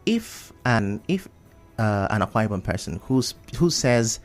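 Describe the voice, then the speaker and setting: A man's voice: on the low side, very animated, unhurried, faint music behind. Nigerian man explaining on radio. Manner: explanatory, demonstrates pronunciations. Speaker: radio host. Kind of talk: radio talk show discussion.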